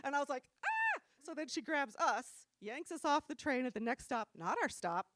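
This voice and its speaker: A middle-aged woman from New Jersey preaching in a church room, telling stories in a casual, animated way and laughing often. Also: sits high, a little fast, no echo. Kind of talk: casual storytelling sermon.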